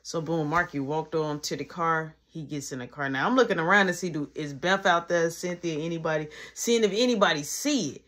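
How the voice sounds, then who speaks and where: A woman retelling a personal story for a vlog, animated and slangy, rapidly quoting everyone with "I'm like.". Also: low voice.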